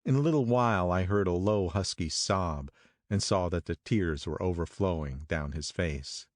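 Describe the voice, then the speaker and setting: Deep-voiced male audiobook narrator. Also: normal speed, dry recording, clean studio sound. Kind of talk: scripted first-person narration.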